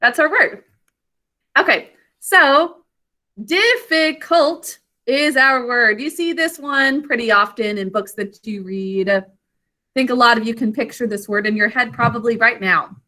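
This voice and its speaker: A woman teacher leading a spelling lesson for children, slowly and carefully sounding out syllables and giving encouraging praise. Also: on the high side, sharp tone. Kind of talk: online literacy lesson for children.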